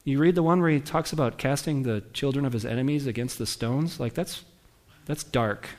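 A male pastor delivers a sermon in a relaxed, conversational manner. He puts questions to the congregation and leans into the scripture he reads aloud, his voice lifting on the verses. His pitch sits in a middle range for a man. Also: moderate pace.

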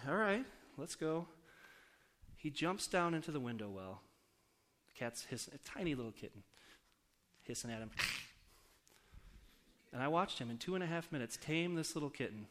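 A pastor delivers a casual, story-driven sermon, talking conversationally with his congregation and often putting questions to them. His voice is medium-pitched and fairly bright, with lively intonation, a slightly fast pace, and long pauses.

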